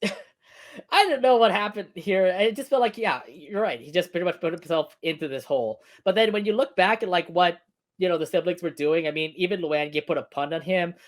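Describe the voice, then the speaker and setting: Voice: mid-range voice, moderate pace. A co-host of a cartoon review stream recaps episodes in easy, chatty talk, often breaking into laughter between points. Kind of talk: casual review chat.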